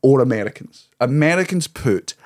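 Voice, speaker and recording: A man's voice: medium pitch, expressive, moderate pace, no room sound, studio quality. A Scottish man with a Caithness accent, a comedian guest on a podcast telling stories in casual, swear-filled chat and laughing through them. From Scotland.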